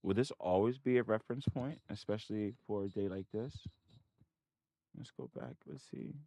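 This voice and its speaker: A man's voice: on the low side, sing-song, normal speed, mellow, no room sound. A man hosting a trading channel, thinking aloud over his charts and muttering in frustration at his computer. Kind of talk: casual screen-share commentary.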